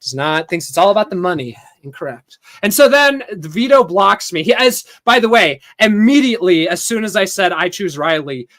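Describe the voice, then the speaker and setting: A male podcast host talks in a loose, rambling way, reading out chat messages and padding his story with filler words and chuckles. His voice is bright and slightly tense. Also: high-pitched, big pitch swings, normal speed, few pauses.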